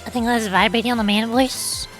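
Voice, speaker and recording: A woman streamer in casual chat who stammers and exclaims in an animated way. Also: a little high, brisk, soft background music.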